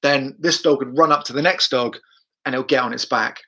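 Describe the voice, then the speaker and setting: The speaker is a man who trains dogs, talking on a live stream about his methods and fielding viewers' questions. His mid-range voice is fairly quick and sharp-toned, and he's chatty, repeats himself and narrates the dog's thoughts.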